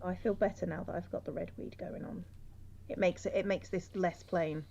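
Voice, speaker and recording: Woman, casual stream chat, halting dry complaints, lo-fi mic. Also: fairly low pitch, fairly even intonation, creaky, mellow, a little hiss or hum. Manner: rambling, frequent restarts, dry complaints. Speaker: streamer guest. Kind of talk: casual chat while drawing.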